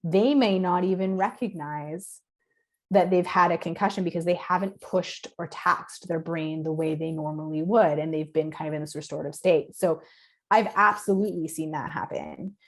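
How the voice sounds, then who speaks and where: A woman clinician explaining her approach in a podcast interview, earnest and direct, her voice going hoarse as she talks. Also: lowish voice, normal speed. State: losing her voice. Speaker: concussion clinician guest.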